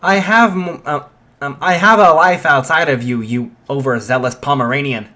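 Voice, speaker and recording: A man's voice: a little high, moderate pace, bright, forceful tone. A man voicing a cocky teenage boy hero who teases his rival with playful insults, in a casual spoken fan story. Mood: teasing.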